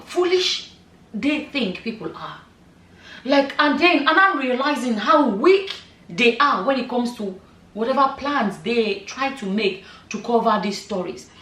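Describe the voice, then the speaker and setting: A woman's voice: on the high side, pushed and bright. A middle-aged woman giving casual vlog commentary, emphatic and full of rhetorical questions and "you know" asides. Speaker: vlogger. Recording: echoey room, voice a bit far from the mic.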